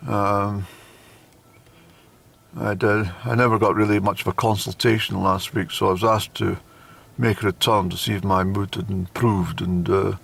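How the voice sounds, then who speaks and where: Male vlogger, low gravelly voice, casual self-deprecating outdoor chat. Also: steady tone, normal speed, fairly bright tone. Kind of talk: rambling casual monologue. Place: outdoors in a car park.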